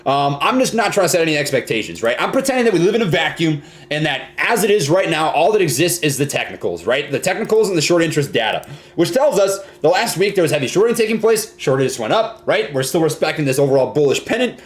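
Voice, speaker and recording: A man's voice: fairly high pitch, very animated, fast. A young man from Minnesota hosting a casual live stream, reading viewer comments and often ending lines with "right?" and "man".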